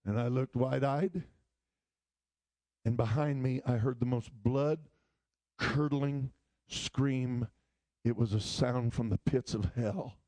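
A man preaching a sermon, telling stories and rising into shouted appeals. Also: medium pitch, slow pace, pauses often, no room sound. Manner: storytelling preaching that climbs into shouting.

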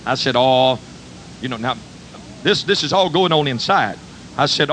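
An older man preaching, telling a homespun story in a folksy, animated way with country dialect. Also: mid-range voice, moderate pace, pauses often, slight background noise, poor audio. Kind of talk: storytelling sermon.

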